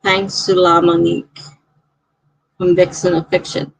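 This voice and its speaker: A woman's voice: fairly low pitch, level tone, measured pace, vocal fry, breathy edge, dry recording, low-quality recording. A woman hosting a live stream, chatting casually and reading out viewer comments in a rambling way.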